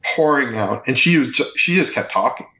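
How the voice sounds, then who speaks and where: Halting man telling a story in a roomy room. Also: medium pitch, animated, pushed and bright. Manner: halting, many fillers and restarts. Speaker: guest. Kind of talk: casual storytelling. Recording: muffled, roomy recording.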